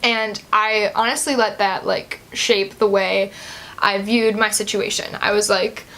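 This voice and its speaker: A seventeen-year-old girl chats loosely to the camera, vlogging a personal story packed with "like" and "um." Her medium-pitched voice stays fairly flat in melody, with a measured pace and a fairly bright tone.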